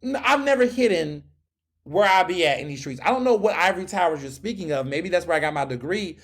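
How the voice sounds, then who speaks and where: A man in his thirties hosting a solo commentary podcast, talking in a sassy, animated way, firing back mocking retorts. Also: high-pitched, fast. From United States. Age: 30s. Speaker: podcast host.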